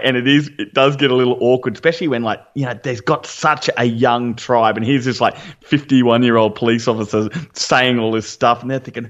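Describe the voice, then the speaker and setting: Aussie bloke excitedly talking about a reality show, keeps restarting sentences, kinda muffled dull audio. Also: male voice, medium pitch. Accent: Australian. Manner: enthusiastic, restarts sentences often. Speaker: podcast co-host. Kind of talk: casual reality-show recap chat.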